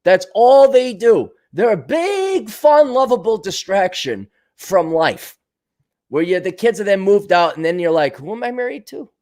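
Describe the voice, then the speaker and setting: A man's voice: high-pitched, sing-song, measured pace, a little mellow. A man hosting his podcast alone, rambling and musing aloud in a sardonic way, slipping into little voices for his own thoughts. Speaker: podcast host. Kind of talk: rambling solo monologue.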